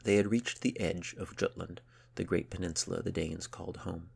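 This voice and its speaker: Man reading a story aloud, really low and gravelly, kinda husky, even and steady. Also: moderate pace. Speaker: narrator. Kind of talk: scripted audiobook narration.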